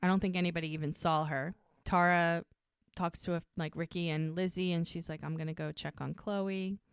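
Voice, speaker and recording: A woman's voice: lowish voice, steady tone, brisk, smooth, no room sound, studio quality. A woman co-hosting a podcast, casually recapping a TV episode and retelling scenes by quoting the characters. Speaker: podcast co-host.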